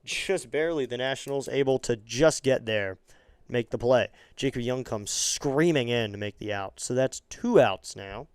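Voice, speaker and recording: A man's voice: normal speed, clear, resonant tone, dry recording, studio quality. A man calling baseball play-by-play as a fan streamer, his voice climbing sharply when a play develops and dropping into chatty asides to viewers. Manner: rises sharply in pitch and volume on exciting plays. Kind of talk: amateur play-by-play commentary.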